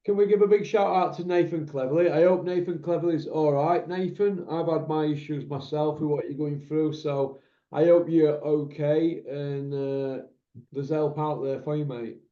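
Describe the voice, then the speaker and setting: A man's voice: on the high side, steady tone, normal speed. A man, hosting a casual chat and telling candid, rambling stories with banter. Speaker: podcast host. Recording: echoey room, dull lo-fi sound.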